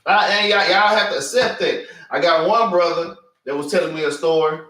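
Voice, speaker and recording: A man preaches in a loose, animated classroom manner. His voice sits a little high and rings bright and forceful. The mic is set far off in an echoey room. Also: brisk. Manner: animated, street-casual, keeps saying "man". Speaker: class teacher.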